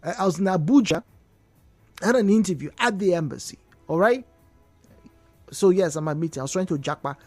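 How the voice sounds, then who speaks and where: A Nigerian woman with a lowish voice hosts a radio call-in talk show from a studio, speaking into a studio microphone. She tells stories animatedly and briskly, leaning on emphatic repetitions, with long pauses and soft background music.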